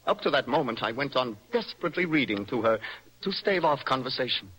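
A fervent young poet, husky and lively. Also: male voice, medium pitch, fast, poor audio. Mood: mocking, rhapsodic. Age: young adult. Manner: dreamy, impassioned, poetic. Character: young, nervous, intense male poet. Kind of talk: radio stage-play acting.

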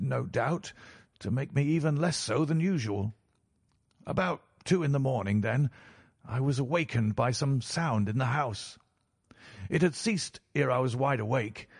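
A man narrating a story in a measured, formal way, as an audiobook reader. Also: mid-range voice, breathy edge, no room sound, clean studio sound. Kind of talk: scripted narration.

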